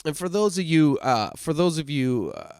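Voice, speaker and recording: A man hosting a podcast, telling a story in a loose, heavily swearing way, swinging from loud bursts to hushed asides. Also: a little high, big pitch swings, moderate pace, clean tone, no room sound, studio quality. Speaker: podcast host telling stories. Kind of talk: casual storytelling monologue.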